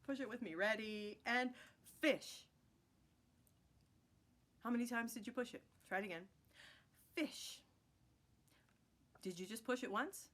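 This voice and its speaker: A woman's voice: a little high, quick pace, hardly any pauses, a bit bright. A woman teaching a children's music class, chanting rhythm words and cheering on her young learners. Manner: encouraging, sing-song chanting of rhythm words.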